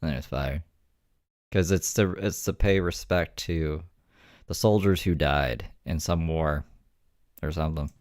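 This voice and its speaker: A man's voice: rumbling low, unhurried, pauses often, a little mellow, no room sound, studio quality. A man hosting in a casual, rambling commentary style, swearing and mocking himself. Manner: rambling, profane, self-mocking. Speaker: host.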